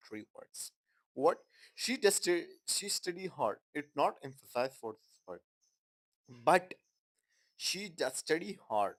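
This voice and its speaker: A man's voice: medium pitch, low-quality recording. A man teaching an English grammar lesson in non-native, broken English. He repeats his example sentences and keeps checking in with "Okay, guys?".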